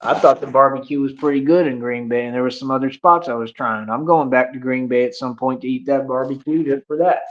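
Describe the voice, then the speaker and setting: Brisk and medium-pitched with few pauses, a man on a livestream rails against his critics in a cocky, taunting, slang-filled way. He is a streamer, and the audio is dull lo-fi in an echoey room.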